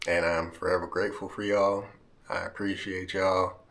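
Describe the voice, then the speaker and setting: A man's voice: low voice, little pitch movement, moderate pace, fairly bright tone. A man vlogging straight to camera, talking heartfelt and emotional to his friends, near tears and often tagging lines with "man". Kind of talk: emotional direct-to-camera vlog.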